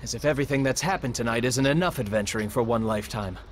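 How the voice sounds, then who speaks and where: An actor voicing an earnest, dutiful young village militiaman in a video game, sincere and warm-hearted. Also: medium pitch, fast, a little hiss or hum, close to an everyday voice.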